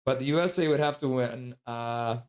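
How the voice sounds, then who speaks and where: A man's voice: medium pitch, moderate pace, darkish tone. A man hosting a casual livestream, chatty and sassy, reading out donations and sleep-deprived. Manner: sassy, joking. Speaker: livestream host.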